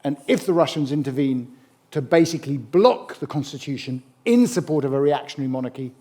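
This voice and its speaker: A middle-aged man giving a public history lecture, animated and emphatic, with wry asides. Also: fairly high pitch, brisk. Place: lecture hall.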